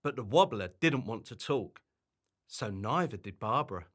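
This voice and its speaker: A man reading a children's bedtime story aloud, in an animated and expressive way. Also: medium pitch, normal speed, breathy edge.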